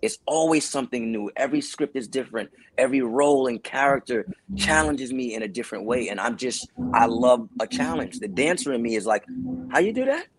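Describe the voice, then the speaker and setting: A man's voice: mid-range voice, brisk, hardly any pauses, slight background noise, low-quality recording. A man, an actor and dancer, telling stories in a casual interview and acting out the people he quotes. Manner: animated storyteller who acts out voices of people he quotes.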